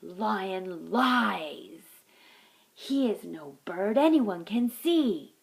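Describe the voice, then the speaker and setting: A woman voicing a clever, calm male mongoose in a read-aloud folktale, speaking in a knowing, soothing way. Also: medium pitch, measured pace, creaky, whispered, rough recording. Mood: bold.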